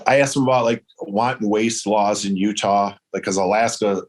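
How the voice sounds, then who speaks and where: A man from Michigan, a guest on a show, telling a story in a relaxed, rambling way and acting out the voices of people he met. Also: on the low side, moderate pace. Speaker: guest, traditional bow hunter. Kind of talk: casual storytelling.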